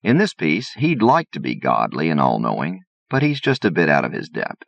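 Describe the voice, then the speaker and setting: A man's voice: extremely low pitch, wildly swooping pitch, moderate pace, vocal fry, no room sound. A man reading an audiobook aloud in a folksy, wry storytelling manner, on a dull, lo-fi recording. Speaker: audiobook reader. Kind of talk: scripted narration.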